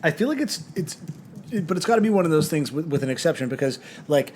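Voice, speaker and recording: Male podcast co-host, a touch high, dry sarcastic rambler, casual chat. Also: animated, fast, a little mellow.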